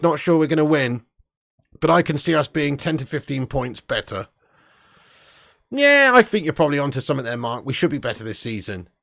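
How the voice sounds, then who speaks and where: A man's voice: fairly high pitch, creaky, fairly bright tone, dry recording, studio quality. A man hosting a casual live stream, chatting and laughing as he reads viewer comments aloud. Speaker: live stream host reading chat.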